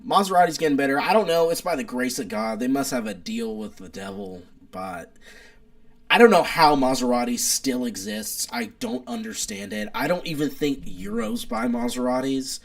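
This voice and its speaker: A young man chatting casually on a live stream with an animated, rambling delivery. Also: normal speed, gravelly. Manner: animated, rambling car enthusiast, wide pitch swings.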